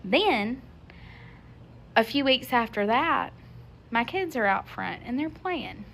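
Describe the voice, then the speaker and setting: A woman's voice: fairly high pitch, expressive, takes it slowly, creaky, a bit bright, slight background noise. A woman, telling a personal story to camera in a chatty way, with lots of fillers and restarts as she acts out what people said.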